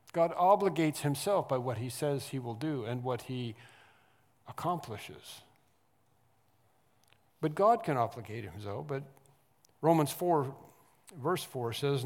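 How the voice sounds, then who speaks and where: A man preaching a sermon, swinging from quiet explanation to loud emphatic lines and repeating phrases for stress. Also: mid-range voice. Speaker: pastor. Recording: long hall reverb.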